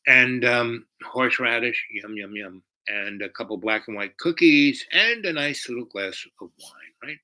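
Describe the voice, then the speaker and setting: Man, casual storytelling, rambling, fillers, lively pitch, bright tone. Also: normal speed, hardly any pauses, rough recording. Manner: animated, rambling, lots of fillers.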